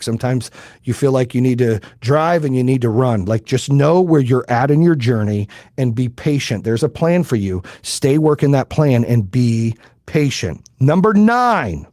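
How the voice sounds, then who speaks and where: A man's voice: medium pitch, dark tone, no echo, clean studio sound. A middle-aged man hosting a live-stream podcast, giving blunt, profane motivational advice and talking straight to his listeners with rhetorical questions. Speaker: podcast host and business coach.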